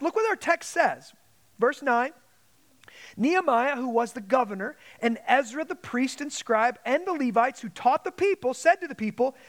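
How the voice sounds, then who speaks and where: Pastor, male, very high voice, preaching with dramatic emphasis. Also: fairly bright tone. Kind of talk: sermon.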